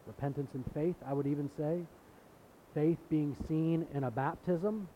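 A man preaching a sermon in an earnest way, building to impassioned emphasis with repeated phrases. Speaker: pastor. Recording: dull lo-fi sound with faint rumble.

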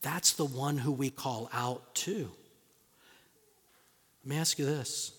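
A male pastor preaching a sermon in a dramatic, storytelling way, acting out voices and dropping to hushed tones. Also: mid-range voice, slow pace, slightly rough, long reverb tail.

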